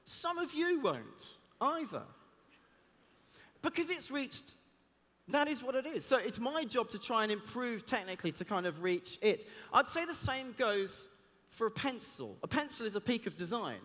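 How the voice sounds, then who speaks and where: A man, a cellist giving a lively talk on stage, chatty and joking in asides. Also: extremely high pitch, normal speed. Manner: chatty, self-deprecating, jokey asides. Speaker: conference speaker and cellist. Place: large hall on stage. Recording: long reverb of a big hall.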